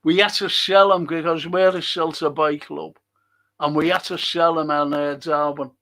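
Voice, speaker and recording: A man's voice: fairly high pitch, level tone, normal speed, sharp tone. A man hosting a live fan show, reading viewer comments and ranting bluntly with plenty of swearing. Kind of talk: live-stream chat reading and rant.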